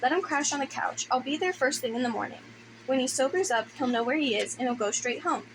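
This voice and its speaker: A woman's voice: sits high, quick pace. A woman reading the part of a worried, protective older brother in an audiobook, exasperated and bossy, over background noise. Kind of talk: audiobook character voice.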